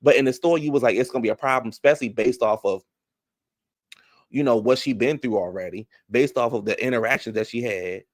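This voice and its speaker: A man offers a sassy, casual recap of a reality show, talking back at the on-screen events while drawling some words and rushing others. His voice is medium-pitched, in a dry, studio-quality recording.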